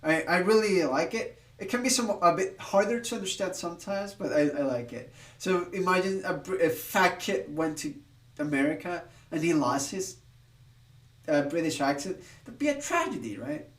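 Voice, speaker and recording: A man's voice: sits high, expressive, moderate pace, roomy sound, distant mic, rough recording. A man from Spain chatting casually on a live stream, rambling with restarts, laughing and swearing now and then.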